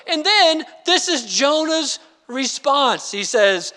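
High-voiced bright male preacher in reverb. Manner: animated, acts out quoted lines with sudden pitch jumps; reads scripture slowly and deliberately. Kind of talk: sermon. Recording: long hall reverb.

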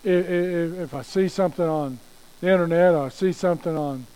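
Guy preaching a sermon, kinda high voice but soft and mellow, repeats himself a lot. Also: a little fast, smooth, low-quality recording. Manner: conversational preaching with repeated phrases and restarts. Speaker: pastor.

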